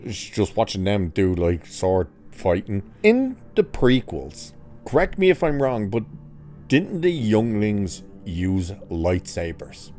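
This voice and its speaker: A man with a mellow, fairly low voice delivers a ranting episode review. He is sarcastic and mocking throughout and swears casually. His tone stays dark and relaxed, never bright. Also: slow, faint music behind. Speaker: TV review vlogger.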